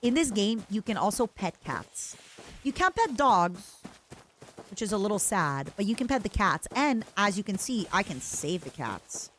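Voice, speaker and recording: Brief: young female streamer, bouncy and animated, rambling playful chatter to chat. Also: mid-range voice, normal speed, a little hiss or hum. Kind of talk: casual live-stream gaming chatter.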